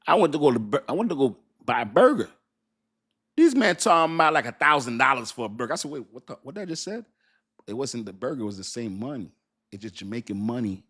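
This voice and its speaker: A man's voice: mid-range voice, breathy edge. A man hosting a casual livestream, chatting loosely, laughing often and answering his chat. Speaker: crypto livestream host.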